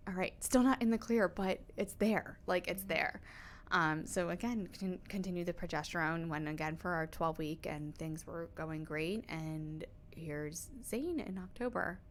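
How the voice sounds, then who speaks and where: Woman, thirties, podcast guest, lowish voice, chatty, emotional, lots of fillers. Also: unhurried, a little hiss or hum. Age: 30s. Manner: emotional storytelling with many likes and you-knows. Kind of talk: casual chat.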